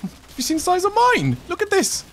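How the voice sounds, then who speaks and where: Lively, excitable man gaming with friends. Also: extremely high pitch, a little fast. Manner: excitable, laughing, swearing often. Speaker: gaming channel host. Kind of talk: casual multiplayer game chat.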